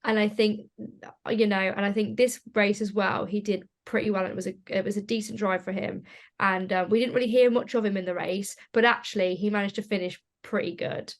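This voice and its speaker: A woman's voice: mid-range voice, steady tone, brisk. A woman co-hosting a podcast in casual chat. She rambles, hedges and laughs often. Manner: chatty, hedging, laughs often. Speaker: podcast co-host.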